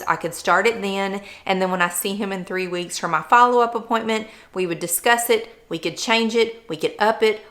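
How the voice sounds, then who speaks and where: A woman's voice: medium pitch, bright, forceful tone. A woman vlogger talking candidly and earnestly about her personal experience. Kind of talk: personal vlog chat.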